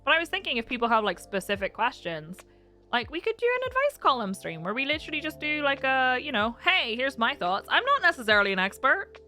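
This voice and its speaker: A woman streamer chatting casually on a live stream, giggling often and now and then cooing softly to her pets. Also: high voice, fast, faint music behind. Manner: giggly, animated, laughs often; coos in a soft baby voice to her pets.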